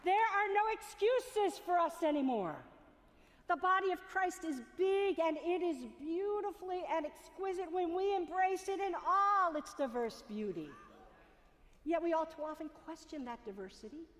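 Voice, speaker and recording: A woman's voice: extremely high pitch, lively intonation, moderate pace, a faint crowd. A woman preacher delivering a sermon in a rhythmic, repetitive cadence. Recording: long reverb of a large hall.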